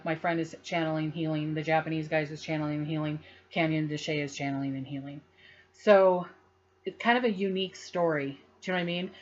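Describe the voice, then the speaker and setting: A woman psychic casually telling a personal story to the camera, rambling and animated, acting out what others said and laughing often. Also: on the low side, lo-fi sound.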